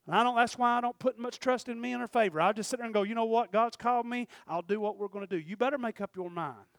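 Male pastor, high-pitched, folksy preaching that swells to shouting, dry close sound. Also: dry recording. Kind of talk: sermon.

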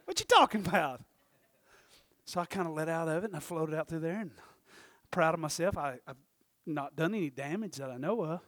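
A middle-aged male pastor, preaching a sermon with lively storytelling that swings from loud to hushed. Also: on the high side, fairly quick, no echo.

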